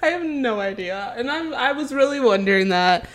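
A young woman co-hosting a podcast, telling a dating story in a casual, animated way, acting out the quotes and laughing often. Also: on the high side, normal speed. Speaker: podcast co-host.

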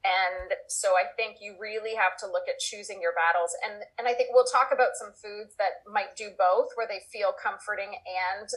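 A woman's voice: medium pitch, fairly even intonation, moderate pace, few pauses, fairly bright tone, rough recording. A middle-aged woman answering interview questions as an expert guest, thoughtful and explaining through long everyday examples. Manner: thoughtful, talks in long examples with acted quotes.

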